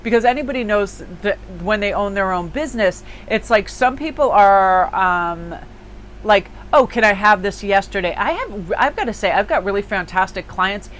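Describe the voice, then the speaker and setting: A woman's voice: medium pitch, expressive, normal speed, slight background noise, low-quality recording. A woman in a casual daily tarot reading, chatty and emphatic, with lots of filler words. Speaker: tarot reader and small business owner.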